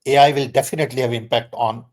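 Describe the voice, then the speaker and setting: An older man, speaking as a guest in a conversational Q&A. He talks emphatically and insistently, stressing points with sudden jumps in pitch. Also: steady tone, fast talker.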